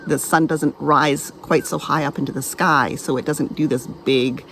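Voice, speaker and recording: A woman's voice: sits low, steady tone, normal speed, slight background noise, low-quality recording. A middle-aged woman chatting casually to her camera at a lakeside campground, recorded outdoors. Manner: chatty, gets emotional and laughs softly. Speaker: vlogger. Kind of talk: casual vlog narration.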